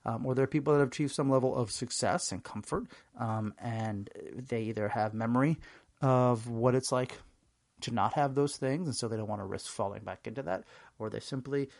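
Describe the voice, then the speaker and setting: A man's voice: medium pitch, fairly quick, vocal fry, a little mellow, no echo. A man giving a rambling, self-mocking comedic answer in an interview, full of fillers and restarts. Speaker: interview guest.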